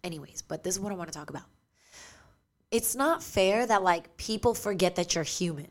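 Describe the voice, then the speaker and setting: A woman's voice: on the low side, lively intonation, fairly quick. A woman co-hosting a podcast in a studio, chatting casually in an upbeat, bantering way. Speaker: podcast co-host. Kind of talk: casual chat.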